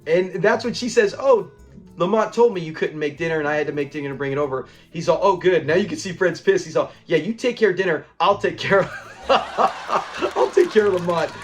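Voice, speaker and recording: Male reviewer, casual recap, acts out quotes; mid-high voice with soft music under. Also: quick pace. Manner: rambling retelling, acts out lines and laughs. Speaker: show reviewer.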